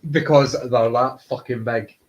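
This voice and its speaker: A man's voice: mid-range voice, steady tone, a little slow, muffled recording, crowd noise. A man hosting a casual chat, blunt and sweary in his banter. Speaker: host.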